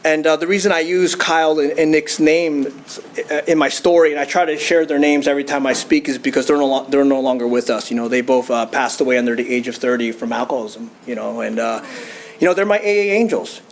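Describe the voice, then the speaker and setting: A man's voice: mid-range voice, fast. A young man telling his personal recovery story to a meeting, casual and chatty with fillers and laughs. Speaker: AA speaker.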